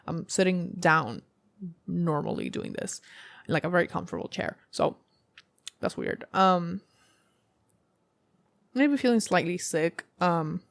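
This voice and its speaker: A woman's voice: on the low side, expressive, slow pace, gravelly, pauses often, no room sound. A woman giving a casual tarot reading to camera, rambling and thinking aloud with many fillers. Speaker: tarot reader.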